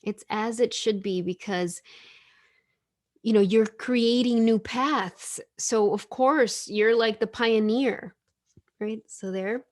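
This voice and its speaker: A woman's voice: a little high, slow pace. A woman hosting an online spiritual gathering, reading oracle cards to the group in a casual, gushing, enthusiastic way over a video call.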